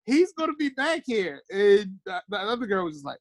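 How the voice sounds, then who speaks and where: A man sits in on a podcast and rambles through stories in casual chat. He slips into the voices of the people he quotes. His voice sits a little high, and the close mic makes the sound dry. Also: wildly swooping pitch, a little fast, gravelly, no room sound. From Baltimore. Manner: loose storytelling, acts out quotes. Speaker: podcast guest.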